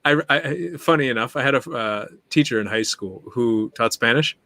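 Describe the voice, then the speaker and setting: A man speaking as a podcast guest in casual conversation, animated and quick to list examples, laughing often. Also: mid-range voice, dry recording.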